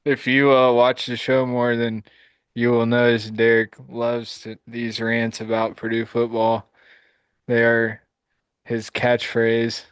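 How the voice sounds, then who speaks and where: A man's voice: medium pitch, completely flat delivery, takes it slowly, clear, resonant tone, no room sound. A man co-hosting a live sports podcast, laid-back and easygoing, often laughing along with his partner. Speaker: podcast co-host. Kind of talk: live postgame sports chat.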